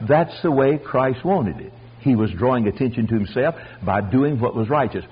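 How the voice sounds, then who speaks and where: An older man preaching a folksy storytelling sermon, animated and acting out the voices of the people in his stories. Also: medium pitch, normal speed, breathy edge, highs cut off. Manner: animated, acts out voices, chuckles.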